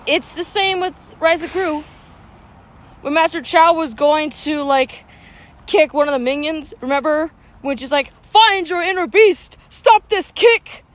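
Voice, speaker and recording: A woman streaming a mobile game outdoors, chatting excitedly with viewers and arguing back at them. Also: high voice. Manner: excitable, argues back at chat. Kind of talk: casual chat with viewers while playing. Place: outdoors, walking.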